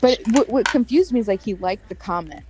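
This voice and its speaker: A woman's voice: mid-range voice, expressive, fairly quick. A woman in casual chat with friends, talking in long runs and retelling conversations with quoted lines. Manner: chatty, retells stories with quoted voices, laughs often. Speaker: streamer chatting with friends.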